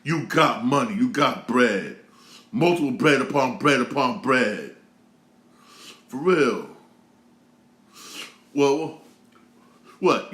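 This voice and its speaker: A man's voice: medium pitch, expressive, slow pace, pauses often, fairly bright tone, echoey room. A man in his thirties hosting his own show, ranting casually with lots of slang, repeats and restarts. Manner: repetitive, heated, slangy, many restarts. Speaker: show host. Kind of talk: casual rant commentary.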